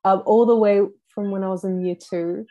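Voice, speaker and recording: A young woman on a casual podcast, retelling a story in an animated, excited way. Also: medium pitch, a little fast, muffled recording. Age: young adult. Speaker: podcast co-host. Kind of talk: casual chat.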